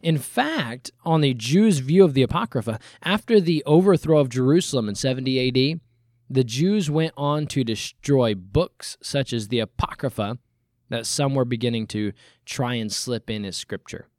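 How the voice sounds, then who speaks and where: A man preaching a sermon, asking rhetorical questions and using deliberate pauses, rising sharply on key points and dropping low to finish them. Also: a little mellow, no room sound, clean studio sound.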